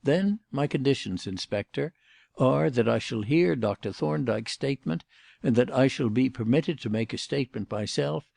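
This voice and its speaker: Casting: man reading an icy, formal gentleman, gravelly and dark, speaking with detached precision. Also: mid-range voice, expressive, moderate pace, dry recording, studio quality. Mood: cold. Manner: passionless and formal. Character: cold, commanding male suspect.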